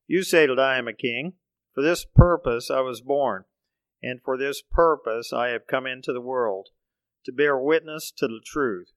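A serene, solemn teacher in a dramatized scripture reading, played by a man. He speaks calmly and evenly in a mid-pitched voice, recorded dry and close. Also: dry recording, natural voice, poor audio. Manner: calm, measured, solemn.

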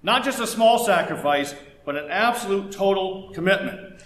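A man's voice: high-pitched, lively intonation, normal speed, fairly bright tone, echoey room, a little hiss or hum, poor audio. A male pastor preaching a sermon in a conversational way, with folksy asides and stories.

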